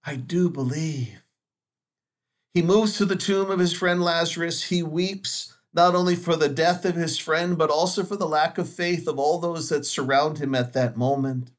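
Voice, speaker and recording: A man speaking as a Catholic priest, giving a Sunday homily in an earnest, measured way with dramatic pauses. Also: a little high, fairly even intonation.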